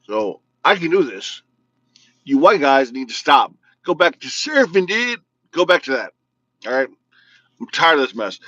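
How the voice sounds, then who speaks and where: A man's voice: mid-range voice, expressive, moderate pace, long pauses, sharp tone, no room sound, muffled recording. Blunt mumbling man ranting on camera. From United States, Illinois. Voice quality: slightly slurred, mumbling speech. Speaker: vlog host. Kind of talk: casual political rant to camera.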